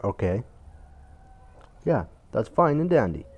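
A man's voice: medium pitch, sing-song, slow pace, slightly rough, muffled recording. A young man giving casual gameplay commentary as a gaming YouTuber, grumbling and swearing, turning frantic when the game gets hectic, recorded on a phone at home.

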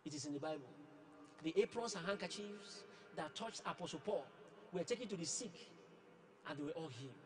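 A man's voice: on the high side, expressive, fairly quick. A male pastor preaching emphatically and questioning a testimony giver, repeating words to stress his points. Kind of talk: sermon with live testimony questioning. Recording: noisy church hall with long echo.

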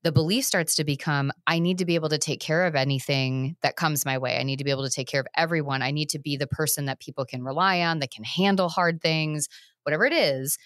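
A woman's voice: low voice, quick pace, fairly bright tone, no echo, clean studio sound. A woman therapist hosting a podcast, explaining her ideas thoughtfully in casual conversation.

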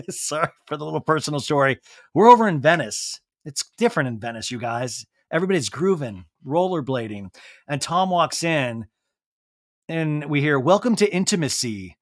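A man's voice: a little high, animated, normal speed, dry recording, clean studio sound. A man hosting a podcast, giving a comedic reality TV recap full of jokey asides. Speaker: podcast host.

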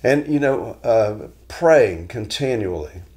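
Man, fairly low voice, folksy devotional host who rambles through stories. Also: animated, slow pace, a little mellow. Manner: folksy storytelling with frequent restarts. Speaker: guitarist hosting a weekly devotional talk. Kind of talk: informal devotional talk.

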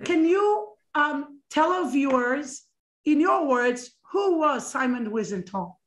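A woman's voice: high voice, animated, slow. A middle-aged woman co-hosting an interview, emotional and rambling with many restarts. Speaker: co-host. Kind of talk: interview chat. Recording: echoey room.

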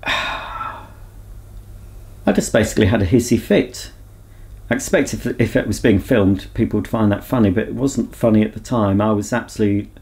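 Male vlogger with a low, warm voice; candid, rambling, self-reflective delivery. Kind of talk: casual chat to camera.

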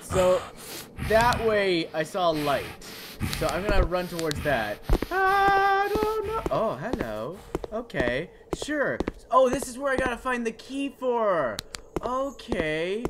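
Excitable gamer yelping over noisy clicks. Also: medium pitch. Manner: excitable, yelps and shouts at scares; playful, talks to game figures and viewers. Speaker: let's play gamer. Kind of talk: playing and commenting on a horror game.

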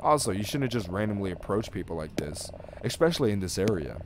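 A man's voice: fairly low pitch, big pitch swings, fairly quick, a little hiss or hum. A man voicing a rude, tired middle-aged man in a suit who talks curtly and dismissively. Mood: annoyed. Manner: curt, dismissive.

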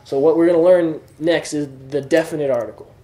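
A man's voice: fairly high pitch, fairly even intonation, a little fast, mellow. A man teaching a classroom lesson, explaining patiently and checking that students follow. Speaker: Greek teacher. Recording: echoey room.

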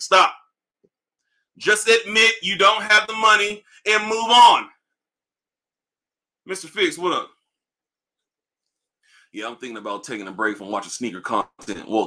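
A man hosting a livestream, ranting in a casual, profane way, animated and repeating himself. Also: mid-range voice. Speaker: livestream host. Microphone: livestream mic.

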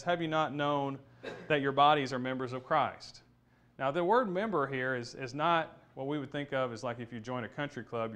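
Male Bible teacher, middle-aged, mid-pitched voice, relaxed explaining tone with restarts. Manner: explanatory, thinking aloud with restarts and fillers. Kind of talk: Bible study lesson.

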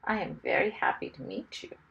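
A woman voicing a fussy, easily flustered little man who sputters out excited exclamations. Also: brisk, dull audio, close to an everyday voice.

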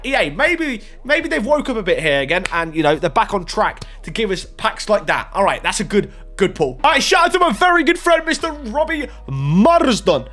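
A young man hosts a pack-opening gaming video with a lively, bouncing voice. He jumps from excited shouts to drawn-out groans. Faint music plays underneath. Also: high voice. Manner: excitable, swinging between hype and groans. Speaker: gaming YouTuber.

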